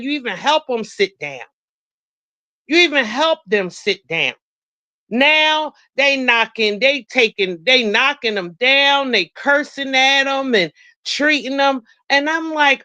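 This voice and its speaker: A woman's voice: high voice, measured pace, bright, forceful tone, no room sound. A middle-aged woman telling stories on a video call, indignant and preachy about how people behave. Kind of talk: casual live-stream chat.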